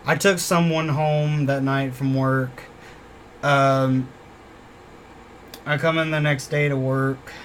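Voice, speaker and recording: A man's voice: a little high, a bit bright, slight background noise. A man telling a casual story about a former job, rambling and swearing often, repeating himself as he goes. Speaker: former store worker.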